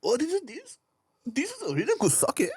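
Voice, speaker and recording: A podcast co-host in casual chat, playful and quick to joke and laugh. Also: sits high, wildly swooping pitch, breathy edge, no room sound, studio quality.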